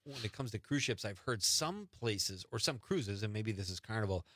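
Wisconsin man as talk show host, bright sharp voice, dry close mic. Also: lowish voice, expressive, no room sound. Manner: easygoing, joking, quick to laugh along. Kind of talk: casual radio interview chat.

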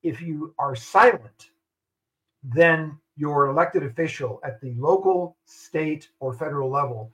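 Emphatic older man, bright voice. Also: on the high side, a little slow, rough recording. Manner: emphatic, lists points and repeats them for stress. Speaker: radio guest, retired army general. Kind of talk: radio interview.

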